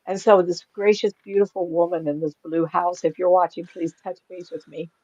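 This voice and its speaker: A woman's voice: on the low side, level tone, normal speed, a little mellow, dry recording. Older woman telling a chatty story, dull sound. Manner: chatty, laughs often, acts out quoted voices. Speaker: psychic medium guest. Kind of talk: casual storytelling. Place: home.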